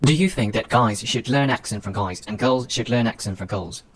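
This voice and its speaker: A man's voice: medium pitch, moderate pace. A man interviewing, asking brief, curious questions.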